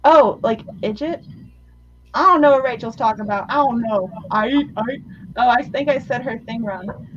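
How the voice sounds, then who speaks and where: A high-voiced woman hosts a casual live-stream chat, teasing and laughing often. The sound is a little dull and lo-fi, with a soft hiss behind her. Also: normal speed. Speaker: host.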